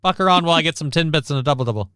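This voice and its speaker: A man voicing a brash, rowdy Canadian guy who heckles in a put-on Canadian accent, fast and loud. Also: a little high, lively intonation, clear, resonant tone, no echo, clean studio sound, voice pushed up. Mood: heckling.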